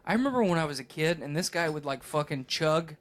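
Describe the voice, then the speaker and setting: A man's voice: fairly high pitch, animated, fast talker, a bit bright. A man co-hosting a podcast in casual chat, rambling through stories with heavy swearing. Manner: profane, rambling storytelling. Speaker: podcast co-host.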